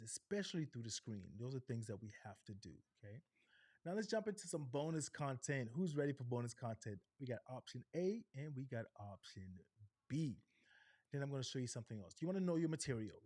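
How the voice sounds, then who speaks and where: A middle-aged man coaching a live online workshop, animated, deliberately shifting his pace and pitch and often checking in with "right?". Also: no room sound, clean studio sound. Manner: animated, varies pitch and pace on purpose, frequent "right?" tags. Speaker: on-camera presentation coach.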